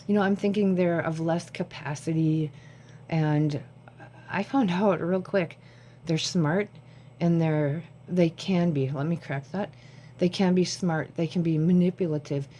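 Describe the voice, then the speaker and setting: A woman with a lowish, mellow voice talks to her phone camera at home. Short on sleep, she rambles casually from one thought to another. A faint hum sits under her voice. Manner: rambling, jumps between thoughts. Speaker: vlogger.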